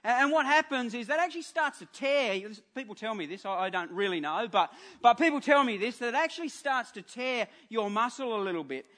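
Bright high-voiced male pastor preaching. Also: expressive. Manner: earnest, halting with repeated restarts. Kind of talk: sermon. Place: church.

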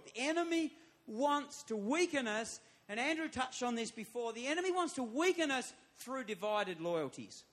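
A man's voice: very high voice, big pitch swings, moderate pace, fairly bright tone. A man, a church pastor, preaching a sermon, emphatic and repeating his phrases as he builds to raised appeals.

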